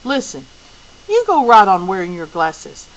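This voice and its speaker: A woman reading aloud, voicing a kind teenage boy who speaks gently. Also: medium pitch, huge pitch swings, a little slow, poor audio. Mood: gentle.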